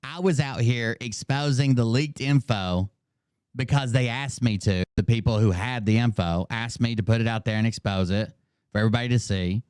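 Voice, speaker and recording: Laid-back man, clear voice. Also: medium pitch, normal speed, darkish tone, no echo, studio quality. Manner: laid-back, profane, laughing at clips. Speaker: streamer reacting to clips. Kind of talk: casual live-stream commentary.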